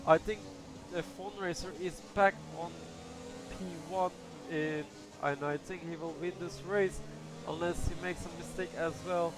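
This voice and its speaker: A man commentates a sim racing event in a loose, unscripted way, hedging and trailing off as he follows the cars. His voice sits a little high for a man. Clear music plays under him the whole time. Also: fairly even intonation, measured pace. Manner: casual, hesitant, thinking aloud. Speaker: race commentator. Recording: music playing behind.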